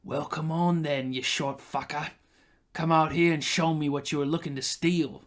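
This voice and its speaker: A man puts on a menacing thug in a tabletop game, sneering and taunting with a slightly higher, louder voice. He mocks his target and goads him into a fight. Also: fairly even intonation, moderate pace, close to an everyday voice. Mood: threatening. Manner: taunting, mocking. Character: menacing male thug with a sword.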